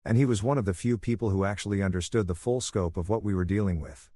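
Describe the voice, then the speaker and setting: A man with a lowish voice tells a first-person story in a calm, even, soothing way. The sound is dry and close, with no room around him. His delivery is steady and scripted. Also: quick pace, dry recording.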